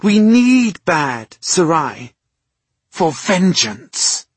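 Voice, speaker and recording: A man's voice: on the high side, sing-song, extremely slow, breathy edge, no room sound, pitched above the performer's own voice, heavily acted. A man narrating an audiobook, voicing a fierce, demanding little girl bent on vengeance. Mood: fervent. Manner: intense, demanding. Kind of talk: audiobook character voice.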